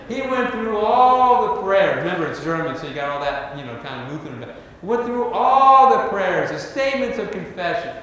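A man's voice: a little high, big pitch swings, normal speed, fairly bright tone. A middle-aged male pastor telling a humorous story in a casual, folksy sermon in a church. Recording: echoey hall with long reverb, faint ambience.

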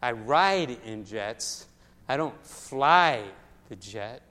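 A man preaching a sermon as pastor, telling stories in a lively way and often repeating his words. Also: mid-range voice, very slow. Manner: storytelling, animated with acted voices, repeats words. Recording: long hall reverb.

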